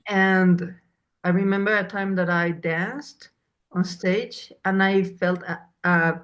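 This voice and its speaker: A woman speaking slowly and thoughtfully in a podcast conversation, often pausing to search for words. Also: on the low side, steady tone, highs cut off. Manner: slow, measured, searching for words. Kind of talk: reflective conversation.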